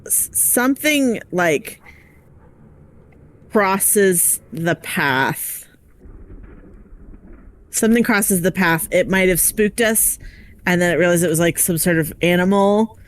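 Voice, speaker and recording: A woman's voice: lowish voice, expressive. A woman playing a tabletop game, speaking casually with many likes and ums. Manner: slow, filler-heavy speech with frequent laughs. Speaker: player.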